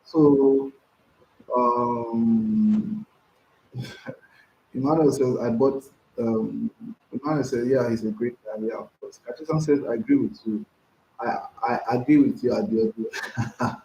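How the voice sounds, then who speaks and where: A man's voice: medium pitch, vocal fry, warm tone. A man hosting a casual live stream, reading out viewers' comments and answering them, often repeating himself. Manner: chatty, repeats himself, reads comments aloud. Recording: roomy, dull lo-fi sound with faint noise.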